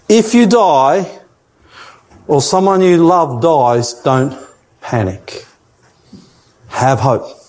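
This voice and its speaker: Older guy preaching a sermon, pretty high voice, keeps repeating lines for emphasis. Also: a little mellow. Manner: emphatic, repeats key phrases. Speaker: pastor.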